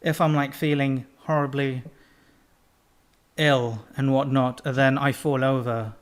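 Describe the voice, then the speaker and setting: A man's voice: mid-range voice, fairly even intonation, unhurried. A sarcastic young man co-hosting a casual podcast. He trips over his words, restarting phrases again and again, and talks in an everyday mid-range voice. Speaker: podcast co-host.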